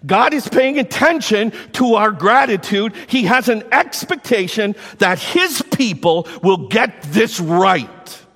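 A middle-aged man preaches a sermon in a high, swooping voice, animated and quick to repeat himself. His words ring out with the long reverb of a large hall. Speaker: pastor.

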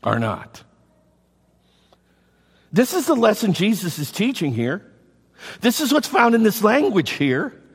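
A middle-aged male pastor preaching a sermon in an animated way, repeating words and adding quick asides. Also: high-pitched, breathy edge, in a large hall.

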